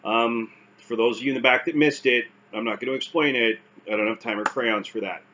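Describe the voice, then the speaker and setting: A man's voice: medium pitch, steady tone, a little fast, bright, forceful tone. Canadian man, casual vlog delivery, wry and self-deprecating, lo-fi muffled sound with faint hiss. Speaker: vlogger recounting stroke recovery. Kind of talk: casual talk to camera.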